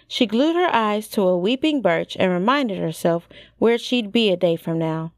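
A woman narrating a storybook in a measured, expressive reading style. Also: medium pitch, no echo, studio quality. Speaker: audiobook narrator.

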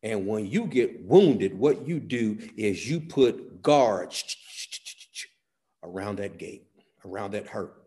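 A man preaching a sermon, swinging from soft, quiet phrases to sudden loud, emphatic peaks. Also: on the low side, animated, slow.

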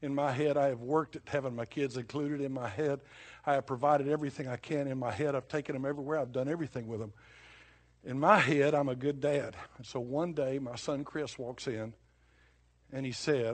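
A husky-voiced older man delivers a sermon like he is talking across a kitchen table. His homespun storytelling keeps breaking into sudden emphatic punches, then drops back to plain talk. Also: medium pitch, fairly quick. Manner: folksy, conversational storytelling with sudden bursts of emphasis. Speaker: preacher.

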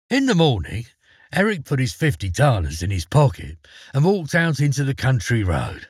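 A man narrating a fairy tale in an expressive, measured storytelling manner. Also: medium pitch, husky, no echo, studio quality.

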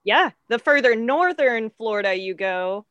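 A woman's voice: fairly high pitch, expressive, unhurried, a bit bright, dry recording, lo-fi sound. A woman from the American South chatting casually in a wry, self-deprecating way. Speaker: podcast guest. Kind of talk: casual chat.

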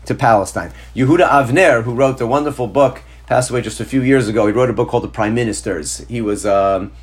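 A man teaching a Torah class, speaking emphatically in a storytelling way with rhetorical questions and slowing down to stress key words. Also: medium pitch. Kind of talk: recorded class lecture.

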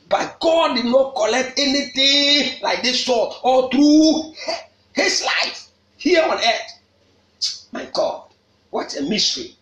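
A man preaches in a very high, lively voice that swings up into shouts and repeats each phrase. He speaks slowly and deliberately, and the sound is bright and carries an echo from the room. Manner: shouting, emphatic repetition. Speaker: apostle leading a prayer meeting. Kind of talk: fiery preaching. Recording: echoey room.

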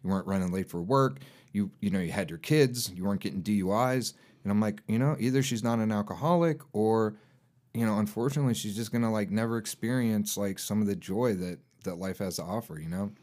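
A man's voice: on the low side, brisk. A man hosting a podcast, talking in a supportive, rambling, casual way. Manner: warm-hearted, supportive, rambling. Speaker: podcast host.

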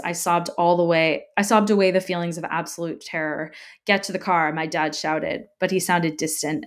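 A woman reading a first-person horror story aloud with dramatic emphasis, laughing off her own stumbles. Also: fairly low pitch. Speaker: narrator.

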